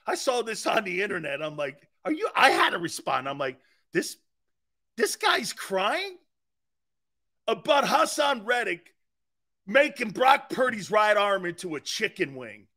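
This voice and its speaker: A man hosting a sports talk show, ranting and mocking, shouting in bursts and laughing at his own jokes. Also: high-pitched, sing-song, normal speed. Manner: shouts in bursts between quieter asides.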